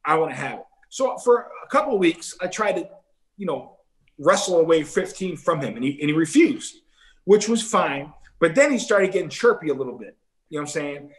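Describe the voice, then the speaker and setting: Brisk and a little high-voiced, a middle-aged man who used to play ball recounts stories during a casual interview. He's an animated teller, voicing the lines of the people in his anecdotes.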